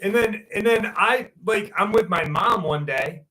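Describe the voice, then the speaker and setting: A man's voice: high voice, a little slow, bright, forceful tone, low-quality recording. A man hosting a podcast, telling rambling, profane anecdotes full of fillers and reading a listener's story aloud. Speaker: podcast host.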